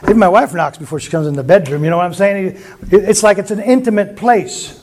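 A man's voice: high voice, fast talker, a little mellow. A man preaching a sermon through rambling anecdotes, with frequent restarts. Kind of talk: sermon storytelling.

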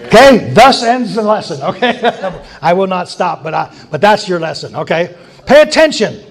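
Male preacher, high voice, casual sermon style with laughing asides and repeated emphasis. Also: expressive, moderate pace, creaky. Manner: conversational, chuckling asides, emphatic repetition. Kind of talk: informal sermon teaching.

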